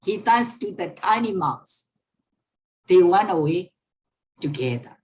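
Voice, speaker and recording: A woman's voice: fairly low pitch, animated, takes it slowly, darkish tone, slight background noise. A woman teacher reading a story aloud to an online class, repeating each sentence and explaining words. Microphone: online class microphone.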